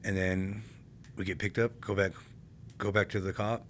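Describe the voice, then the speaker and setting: A man from California, a retired army infantryman, telling war stories in a casual podcast interview, animated and laughing as he talks. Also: low voice, moderate pace, slight background noise.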